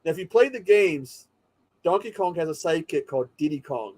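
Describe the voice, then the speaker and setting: A man's voice: on the high side, animated, brisk, a little mellow, poor audio. A man hosting a casual watch-party chat, rambling enthusiastically with many restarts.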